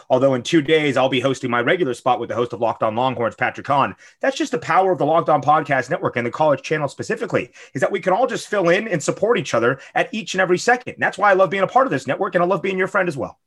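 A man's voice: medium pitch, fairly bright tone. A man guest co-hosting a sports podcast, upbeat and enthusiastic, joking with the host. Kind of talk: casual sports podcast chat.

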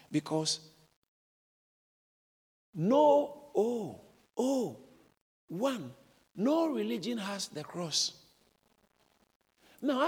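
A man preaching a sermon in a church, explaining and exclaiming with animated emphasis. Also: high-pitched, breathy edge, big-room sound. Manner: animated preaching, bursts into shouts when quoting. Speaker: pastor.

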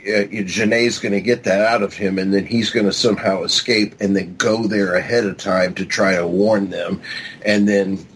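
A man on a podcast calmly laying out his theory of what happens next. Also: fairly low pitch, normal speed, breathy edge, low-quality recording. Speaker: podcast co-host. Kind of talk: casual speculation.

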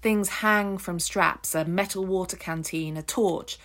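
A woman narrating an audiobook extract in a measured, descriptive storytelling manner. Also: lowish voice, fairly even intonation, fairly bright tone. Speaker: audiobook reader. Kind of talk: scripted narration.

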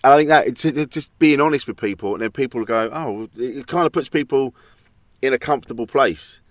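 A man's voice: mid-range voice, brisk, no room sound. A comedian tells personal stories in an open, chatty way, often acting out what he and others said. His mid-range voice is recorded dry and close, with no room sound. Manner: open, anecdotal, quotes himself often. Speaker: podcast guest, comedian. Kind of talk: casual conversation.

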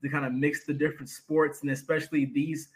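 A man co-hosting a sports podcast, talking in a relaxed, chatty way and laughing often. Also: fairly high pitch, fairly quick, rough recording. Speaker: podcast co-host. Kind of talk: casual sports podcast chat.

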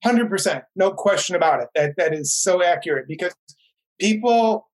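A man's voice: high-pitched, animated, moderate pace, rough recording. Rambling man chatting on a video call. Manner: rambling, restarts, enthusiastic storytelling. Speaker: animation producer guest. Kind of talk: casual chat over video call.

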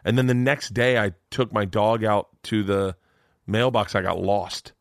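A man's voice: lowish voice, no room sound, clean studio sound. A middle-aged man, a stand-up comedian, telling stories on a podcast and acting out the people in them. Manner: fast, animated storyteller acting out quoted voices. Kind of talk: casual podcast storytelling.

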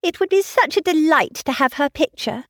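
Eine Frau spricht eine lebhafte junge Dame. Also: female voice, sits high, expressive, brisk, a bit bright, no room sound, studio quality, pitched above the performer's own voice. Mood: enthusiastic. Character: lively, self-assured young lady matchmaker. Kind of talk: audiobook character reading.

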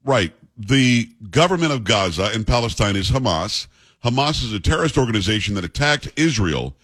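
A man's voice: mid-range voice, big pitch swings, a little fast, a bit bright. A male radio talk show host in blunt, joking, opinionated banter with a co-host. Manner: blunt, joking, self-mocking.

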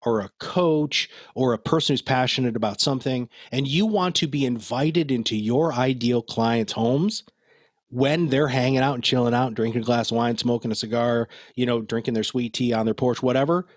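A man's voice: mid-range voice, normal speed, no room sound. A man speaking as a guest in a casual podcast interview, chatty and laughing as he tells stories. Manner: chatty, laughing, many fillers and restarts. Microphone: headphones and studio mic.

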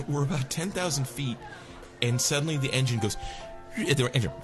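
A man's voice: mid-range voice, moderate pace, music in the background. A man telling a comic story in a casual, rambling way, full of "you know" and "like".

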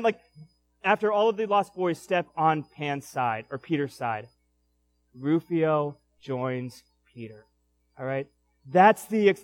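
A young man preaching a sermon in a church, telling stories casually and laughing often. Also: a little high. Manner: casual, animated storytelling with laughs. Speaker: pastor.

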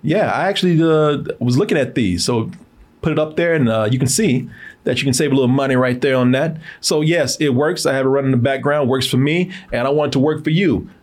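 A man's voice: mid-range voice, fairly quick. A man hosting a casual online show, chuckling easily and talking straight to his viewers while reading a sponsor message. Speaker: host. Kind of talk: casual chat and sponsor read.

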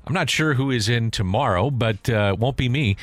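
A man's voice: medium pitch, moderate pace, no echo. A man hosting a sports radio show in the studio, asking his guest questions in a conversational way. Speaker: radio host.

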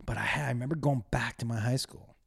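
A man's voice: mid-range voice, fast, gravelly, fairly bright tone, husky. A man hosting his own podcast alone, telling crude, self-deprecating stories in a casual, rambling monologue that keeps drifting off topic. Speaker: solo podcast host.

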